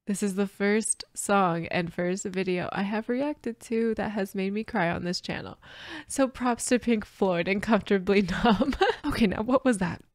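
A woman filming a music reaction, speaking straight to her viewers in a middle-pitched voice. She sounds overwhelmed and a little teary, stumbling over restarts and breaking into soft laughs. The sound is close and dry, with no room echo. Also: a little slow. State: teary after crying. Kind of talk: casual reaction commentary to camera.

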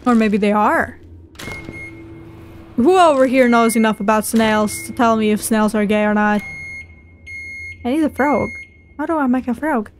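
High-voiced swearing woman gaming. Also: measured pace, long pauses, a little hiss or hum. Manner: swearing, excitable, talks to the game. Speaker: gamer. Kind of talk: let's play commentary.

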